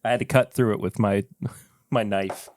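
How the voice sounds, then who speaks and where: A man's voice: lowish voice, normal speed. A man hosting a podcast, chatting casually and joking while tasting whiskey. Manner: relaxed, joking, laughs often. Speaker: podcast host.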